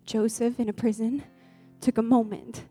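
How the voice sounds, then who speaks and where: A woman's voice: fairly high pitch, little pitch movement, normal speed, dark tone, soft background music. A woman preaching a sermon to a congregation, sharing personal testimony in an earnest way that builds to fervent exhortation. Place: gathering room with a congregation.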